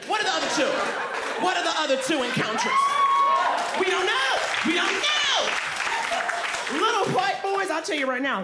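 Brief: woman in her 40s, stand-up comic, high and swooping voice, sassy and animated, loud crowd laughter all around. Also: very noisy. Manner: animated, sassy, calls listeners honey. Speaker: stand-up comedian. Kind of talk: stand-up comedy. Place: stage before a live audience. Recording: loud live audience laughter.

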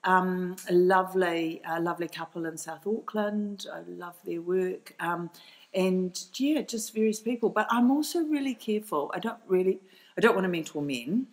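Passionate low-voiced New Zealand woman. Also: moderate pace, poor audio. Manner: passionate, emphatic, many restarts. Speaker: documentary filmmaker, guest. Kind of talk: podcast interview.

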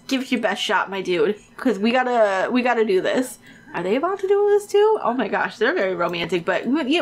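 Woman let's player, excitable and sweary, lively higher voice. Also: fairly quick. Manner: excitable, chatty, swears freely. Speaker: let's play creator. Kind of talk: casual gameplay commentary.

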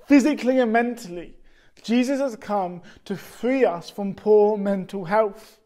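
A man's voice: sits high, a little mellow. A young man giving a short earnest sermon, telling stories and acting out quotes in playful voices. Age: young adult. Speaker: youth speaker.

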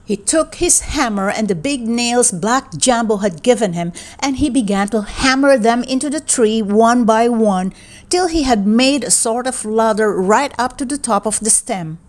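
A woman reading a children's picture book aloud in a gentle, expressive, deliberate way. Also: fairly high pitch. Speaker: read-aloud narrator.

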